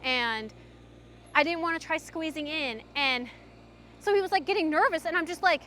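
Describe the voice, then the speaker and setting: A young woman livestreamer telling a story in casual chat, animated and full of fillers. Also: extremely high pitch, normal speed, a little hiss or hum. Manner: chatty, animated, frequent "like" fillers.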